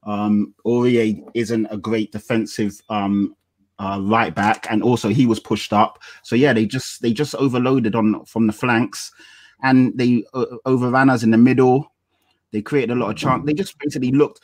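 A man's voice: mid-range voice, fairly even intonation, moderate pace, darkish tone, no echo. A man talking football in a casual podcast discussion, blunt and exasperated. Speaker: football pundit.

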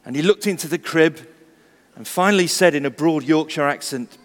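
A man's voice: on the high side, moderate pace, in a large hall. A male pastor giving a Christmas sermon, chatty and storytelling with touches of humour. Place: church service.

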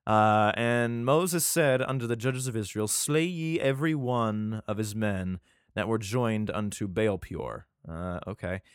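A man's voice: on the low side, unhurried, clear, resonant tone, no echo, studio quality. A male podcast host reads scripture aloud. He stumbles over words and breaks off for profane, irreverent asides. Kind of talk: casual scripture reading with commentary.

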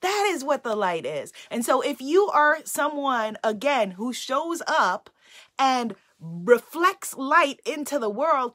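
A woman with a high, bright voice leads a live-streamed inspirational talk from her home as a spiritual self-care coach. She speaks in an affirming, uplifting way, circling back to her key phrases again and again.

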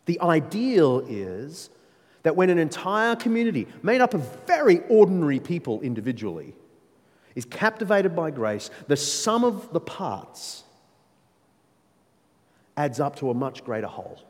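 A man preaching a sermon, emphatic and animated, with playful asides to his listeners. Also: on the high side, a little slow. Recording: long reverb of a large hall.

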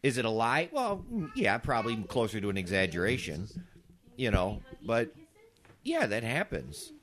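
A man co-hosting a casual podcast, his pitch rising and falling a great deal as he talks. He argues his points out loud and keeps firing off rhetorical questions. His voice sits at a middle pitch. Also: huge pitch swings, normal speed, crowd noise. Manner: argumentative, reasoning aloud with rhetorical questions. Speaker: podcast co-host.

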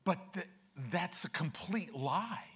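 A man's voice: high-pitched, lively intonation, slow pace, a bit bright, breathy edge. A man preaching a sermon as pastor, emphatic and repetitive, with frequent restarts.

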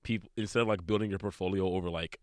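A young man with a low-set voice, thick and stuffy from a cold. He chats casually and rambles, restarting sentences as he goes, and the sound is close and dry. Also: fairly even intonation, fast, darkish tone, no room sound. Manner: rambling, with frequent restarts and laughs. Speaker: podcast co-host. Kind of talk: casual chat.

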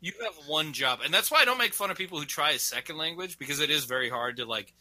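A man whose first language is Afrikaans rants in casual podcast banter. His voice is very bright and a little high. He talks in an animated way. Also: fast talker. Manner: animated, ranting. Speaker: podcast co-host.

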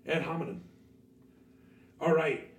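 A hoarse man with a craggy voice hosts a casual podcast chat, swearing freely and telling animated stories. His voice sits a little high. The room is echoey and the mic is some distance away. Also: takes it slowly. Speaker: podcast host and teacher.

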